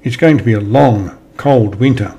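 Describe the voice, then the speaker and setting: A man voicing a kindly older male park keeper in a storybook, gentle and patient. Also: mid-range voice, moderate pace, breathy edge.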